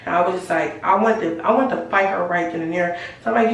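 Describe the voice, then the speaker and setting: A young adult woman vlogger casually tells a slangy storytime, acting out her own heated lines. Her voice is lowish with vocal fry and she talks fast. A camera mic sits at a distance in an echoey room.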